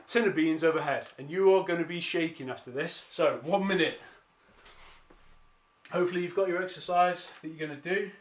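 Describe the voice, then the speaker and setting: High-voiced fitness coach. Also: male voice, a little fast. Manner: encouraging, counts down reps, trips over words. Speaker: calisthenics coach. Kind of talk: follow-along workout instruction. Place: home during lockdown, exercising on the floor. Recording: echoey room.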